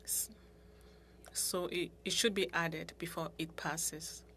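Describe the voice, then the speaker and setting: A woman with a slightly low voice interprets a committee meeting, her delivery measured and full of small restarts. A faint noise floor sits under her words. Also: little pitch movement, pushed and bright. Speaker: interpreter voicing committee members. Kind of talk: simultaneous interpretation. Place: committee room.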